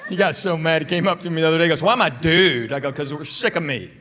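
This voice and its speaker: A middle-aged man performing stand-up comedy, telling family stories in a deadpan way with pauses before punchlines. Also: a little high, very noisy. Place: comedy club stage. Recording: live stage audio with audience laughter. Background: audience laughter.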